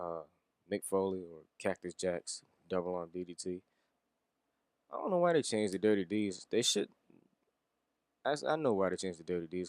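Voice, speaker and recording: A man with a somewhat low voice talks loosely through a wrestling review. He rambles, swears, and chuckles now and then. The recording is close and dry, with no room sound. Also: darkish tone, no room sound. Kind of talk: casual solo review.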